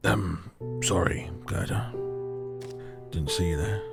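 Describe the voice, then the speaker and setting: A man's voice: low-pitched, slow pace, creaky, music in the background, heavily acted. A man reading the lines of an awkward, stammering truck driver in a story game. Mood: flustered. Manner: hesitant, stammering. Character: awkward, bumbling bearded male truck driver.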